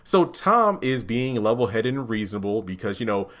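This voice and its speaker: A man giving a casual spoken review of a TV episode, animated and quick to act out the characters' lines. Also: lowish voice.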